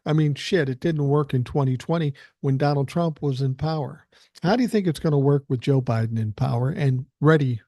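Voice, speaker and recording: An older man hosts his own podcast, delivering a blunt, angry rant thick with profanity. His voice is dark and mellow. The sound is dry and close, with no room around it. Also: medium pitch, no room sound. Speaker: podcast host reading listener emails.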